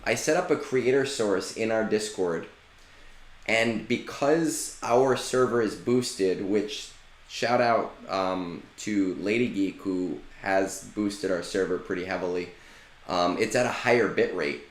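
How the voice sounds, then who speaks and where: A man's voice: fairly low pitch, slow pace, echoey room. A man streaming a game and chatting casually with viewers, loose in manner and swearing freely. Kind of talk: casual live-stream chat.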